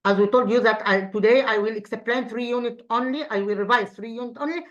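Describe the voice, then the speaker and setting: A woman teaching English leads a recorded classroom revision lesson, speaking haltingly with many fillers and self-corrections. She asks her own questions and then answers them, in a slightly high voice. The lo-fi audio sounds dull.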